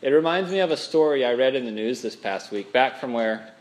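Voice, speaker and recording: A man from Minnesota preaching a sermon as pastor, telling stories with animated, dramatic emphasis. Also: medium pitch, brisk.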